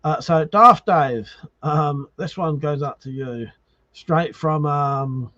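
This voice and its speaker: A man's voice: fairly high pitch, slow pace, sharp tone. A man hosting a live stream, chatting casually, swearing and laughing as he teases viewers, with slightly muffled audio. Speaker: livestream host.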